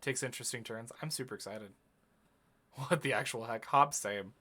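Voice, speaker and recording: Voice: mid-range voice, moderate pace, bright, forceful tone, a little hiss or hum. A streamer chatting casually and reacting with joking asides while playing a game. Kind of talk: casual let's-play commentary. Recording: game music underneath.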